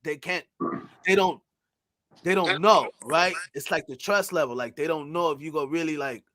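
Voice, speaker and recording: A man telling stories in a casual chat, animated and profane, laughing and acting out what people said. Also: a little high, normal speed. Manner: animated, laughing, loose and profane, acts out quotes. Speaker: podcast guest telling stories.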